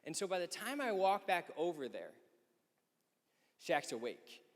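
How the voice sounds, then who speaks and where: A man in his thirties speaking at a youth conference men's session. He tells a lively story and acts out the people he quotes. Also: high-pitched, a little slow. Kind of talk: storytelling talk. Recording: echoey hall.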